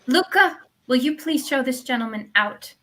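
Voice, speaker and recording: A woman's voice: high voice, animated, moderate pace, noisy background. A woman voicing a proud young widow who declaims with theatrical indignation, in a stage play read over a video call. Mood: indignant. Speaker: actor in a live online reading.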